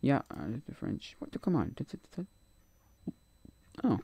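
Rambling man streaming, mellow and dry. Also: mid-range voice, huge pitch swings, normal speed, vocal fry, slightly rough, no echo. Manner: rambling and opinionated, trailing off and muttering. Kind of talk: casual live-stream commentary.

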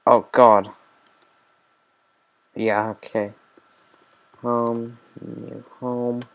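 A man talks through his game in a loose, unhurried way, drifting between mumbled asides and filler words. His pitch sits in an ordinary middle range for a man. He sounds like he is speaking into a desk mic at his computer. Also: flat delivery, gravelly. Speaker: let's play host. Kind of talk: casual gameplay commentary.

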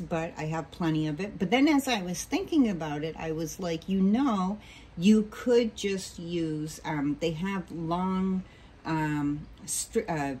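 A woman's voice: lowish voice, darkish tone, slight background noise, rough recording. Chatty woman teaching sewing at home. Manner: chatty and rambling, many ums and self-corrections. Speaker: sewing tutorial host. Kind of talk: casual home sewing tutorial. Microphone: camera mic.

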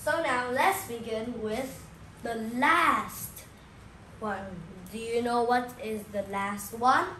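Slow, patient woman teaching young kids. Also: on the high side, sharp tone, a little hiss or hum. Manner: repeats key words slowly, asks the listener questions. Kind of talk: slow classroom explanation for young children. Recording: echoey room with faint ambience.

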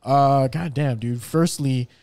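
A man hosting a live podcast, talking in a profane, rambling way and reading out sponsor shout-outs. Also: mid-range voice, slow pace, no room sound, studio quality. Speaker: podcast host. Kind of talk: casual podcast chat and sponsor reads. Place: live venue.

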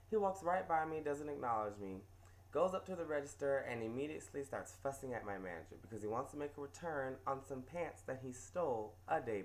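A male host tells a funny customer-service story in a lively, expressive voice. His pitch swings widely as he tells it. He sounds animated and amused throughout. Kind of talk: comedic storytelling vlog. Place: indoors on a couch.

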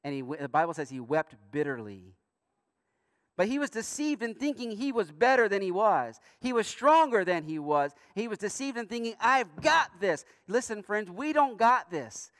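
A man preaching a sermon as pastor in a church, earnest, with emphatic rising bursts and quiet asides. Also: high-pitched, very animated, normal speed, no room sound, studio quality, long reverb tail. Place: church sanctuary.

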